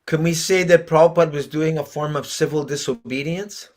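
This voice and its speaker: A man's voice: a little high, fairly even intonation, a little fast. A man hosting an interview over a video call, asking curious questions and laughing often. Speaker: host. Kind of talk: interview conversation.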